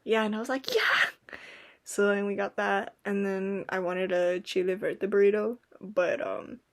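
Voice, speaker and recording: Young woman, casual podcast chat, rambling, filler-heavy, plays out quotes, mid pitch. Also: steady tone, unhurried. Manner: rambling storytelling, lots of "like" and "um", acts out quotes. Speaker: podcast co-host.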